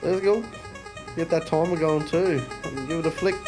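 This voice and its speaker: A man's voice: fairly high pitch, fairly even intonation, normal speed. A man hosting a live music game show, chatting casually and teasing the contestants. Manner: laughing, teasing banter. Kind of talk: casual live-stream chat.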